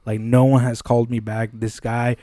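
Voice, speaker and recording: Mellow-voiced man telling a story. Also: medium pitch, moderate pace, no echo, studio quality. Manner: animated, swears often, acts out quoted dialogue. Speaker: podcast co-host. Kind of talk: casual storytelling chat. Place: podcast studio.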